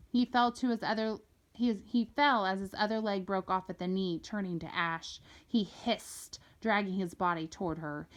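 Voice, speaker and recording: A woman reading a novel aloud, telling the story in a steady, expressive way. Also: on the low side. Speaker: reader.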